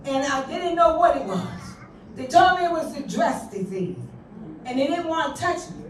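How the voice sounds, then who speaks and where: A woman's voice: high voice, expressive, normal speed, far from the mic, slight background noise. An older woman preaching and leading fervent prayer in church, calling out to the congregation and slipping into song. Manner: fervent, call-and-response preaching, breaks into song. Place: church sanctuary. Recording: echoey church hall miked from afar with crowd.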